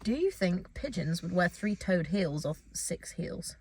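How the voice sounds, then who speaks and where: A woman's voice: on the low side, very animated, a little slow, a little mellow, breathy edge. A young woman co-hosting a comedy podcast, teasing and swearing as she argues in casual chat. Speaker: podcast co-host.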